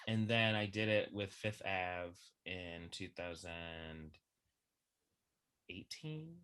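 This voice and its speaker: A young man with a low voice that still has a bright, forceful edge. He chats animatedly as a podcast guest and piles filler words into his run-on thoughts. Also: takes it slowly, smooth. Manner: animated, chatty, heavy use of filler words. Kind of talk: casual chat.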